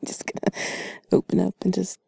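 A woman in a whispered role-play, talking softly and teasingly to the listener as her bed partner. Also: moderate pace, no room sound. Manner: soft, teasing and playful, often whispering. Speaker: ASMR creator.

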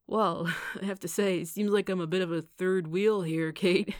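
A woman's voice: fairly low pitch, unhurried, dry recording, studio quality. A woman reading the part of an uneasy young man who hesitates and stammers. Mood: awkward. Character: awkward irritated young man, Evan.

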